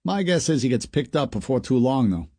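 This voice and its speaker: A man's voice: mid-range voice, very animated, fairly quick, a little mellow, no room sound, voice pushed up. A man voicing a casual, chatty male FBI agent with a Boston accent in an audiobook.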